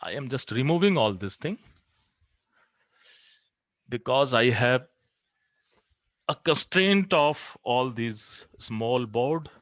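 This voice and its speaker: A man's voice: medium pitch, lively intonation, takes it slowly, long pauses, a bit bright, dry recording. A man teaching physics in a classroom. He works through equations step by step and asks the class questions that he then answers himself. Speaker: physics lecturer. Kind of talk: classroom lecture.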